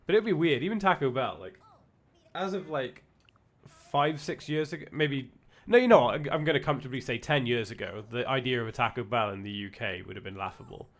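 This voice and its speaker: A man's voice: mid-range voice, expressive, fairly quick. A young man with a British accent chatting casually while streaming a game, rambling with lots of restarts and self-corrections. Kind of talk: casual chat while gaming.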